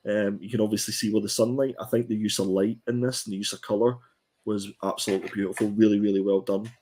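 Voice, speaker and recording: A man's voice: fairly low pitch, fairly even intonation, fast, darkish tone. A man co-hosting a comic book review podcast, chatting casually and hesitantly with many ums and restarts.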